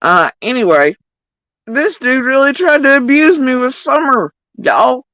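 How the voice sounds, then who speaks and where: A woman's voice: high-pitched, a little slow, no room sound, low-quality recording. A woman livestreamer talking casually to her chat in a profane, heated rant, addressing viewers directly. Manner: profane, animated ranting.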